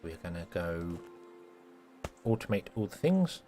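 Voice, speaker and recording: A man's voice: low-pitched, sing-song, unhurried, dark tone, faint music behind. A man giving casual, self-mocking commentary while live-streaming a building game, playfully scolding the characters in it.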